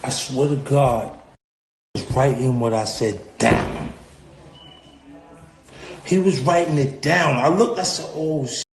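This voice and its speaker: A man telling a profane, animated story in a casual way and acting out the voices he quotes. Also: medium pitch, slow pace, pauses often, roomy sound. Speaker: rapper recalling an encounter.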